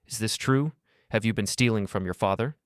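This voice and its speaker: Man doing a shocked young wife, sharp, demanding, dry close recording. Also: lowish voice, brisk, clean tone, no room sound, lightly acted.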